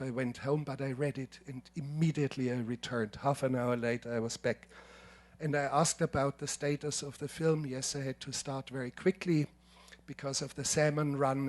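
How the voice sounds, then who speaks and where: A man in his seventies with a German accent giving a lecture, telling anecdotes in a measured, emphatic way with frequent restarts. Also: medium pitch. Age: 70s. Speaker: filmmaker giving a masterclass. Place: lecture hall.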